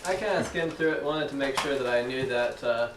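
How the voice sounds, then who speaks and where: A man at a tabletop game, chatting in a soft-spoken, easygoing way. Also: medium pitch, a little fast. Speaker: player. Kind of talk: casual chat at a game table. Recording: echoey room, far from mic, loud background noise.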